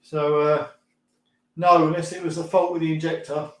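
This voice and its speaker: A man's voice: fairly high pitch, flat delivery, moderate pace, a bit bright, roomy sound. A middle-aged man hosting a casual live stream, rambling through viewer comments with frequent laughs and mild swearing.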